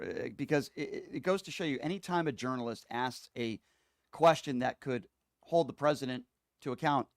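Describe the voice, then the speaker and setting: A man's voice: mid-range voice, no echo. A man hosting a political talk show, chatty and emphatic, with lots of fillers. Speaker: host. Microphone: streaming setup microphone.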